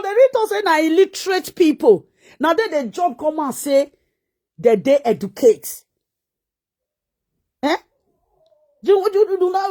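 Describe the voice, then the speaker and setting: A Nigerian woman vlogger ranting and mocking someone with rapid rhetorical questions in a scolding manner. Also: very high voice, very animated, darkish tone. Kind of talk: ranting live-stream commentary.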